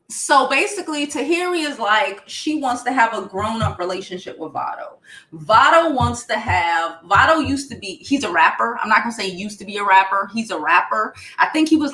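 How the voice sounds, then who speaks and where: A woman's voice: medium pitch, roomy sound. A woman with a Brooklyn accent giving blunt, profane pop culture commentary in casual chat. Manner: blunt and profane, animated retelling.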